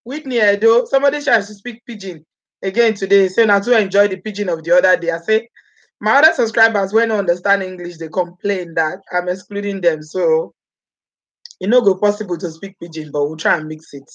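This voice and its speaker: A woman's voice: medium pitch, brisk, a bit bright, dull audio. A woman from Edo State with a Nigerian accent, chatting on a live vlog, greeting viewers by name and slipping into Pidgin. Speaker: vlogger host.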